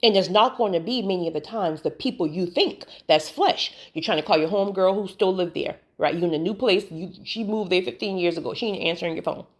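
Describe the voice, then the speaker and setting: A woman's voice: lowish voice, brisk, hardly any pauses. A woman giving a preachy motivational talk on spiritual healing, colloquial and emphatic, often repeating her phrases for weight.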